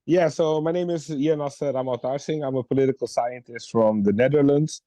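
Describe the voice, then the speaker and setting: A man's voice: medium pitch, a little fast, warm tone, dry recording. A man from Suriname, a political scientist, introducing himself politely as a guest.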